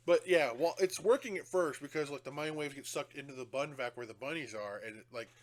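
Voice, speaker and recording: A man's voice: a little high, a little fast. A young man co-hosting a casual movie review, retelling the plot in a rambling way with lots of fillers. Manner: rambling retelling with many fillers and quoted lines. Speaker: co-host of a movie review show.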